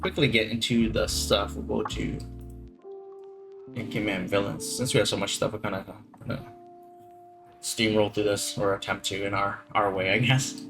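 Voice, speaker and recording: A man's voice: on the low side, steady tone, moderate pace, gravelly. Guy co-hosting a gaming podcast, rambly, swears a lot, faint music behind. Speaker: podcast co-host. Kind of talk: casual chat.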